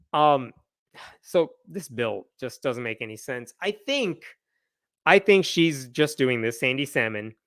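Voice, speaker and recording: A man's voice: fairly high pitch, a bit bright, no echo, studio quality. A man hosting a live news roundup, giving wry, exasperated commentary and reading passages aloud.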